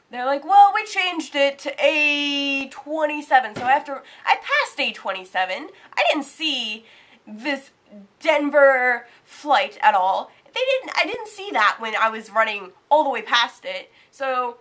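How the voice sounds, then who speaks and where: A young woman vlogging, casually telling a story, animated and swearing casually. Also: high-pitched, takes it slowly. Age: young adult.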